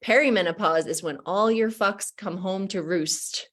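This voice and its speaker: A woman's voice: mid-range voice, normal speed. A middle-aged woman from New Jersey with a New Jersey accent, hosting a podcast in candid, casual conversation and laughing often. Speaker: podcast host.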